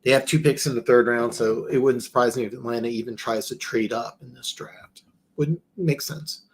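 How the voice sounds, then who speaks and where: A man hosting a live football show in a casual, rambling way, with many restarts and stammers, his pitch jumping up when he is incredulous. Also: fairly even intonation, moderate pace. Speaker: podcast host.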